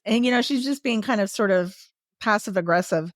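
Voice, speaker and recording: This sixties-aged woman has a medium-pitched voice and talks a little fast, captured dry with studio quality. Appearing as a guest, she chats casually about caregiving, spinning her stories with energy and frequent laughter.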